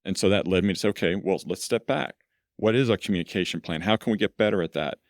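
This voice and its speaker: Low-voiced rambling executive man. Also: fast talker, no room sound, studio quality. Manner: reflective, rambling storyteller. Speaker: law firm CEO, podcast guest. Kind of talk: conversational interview.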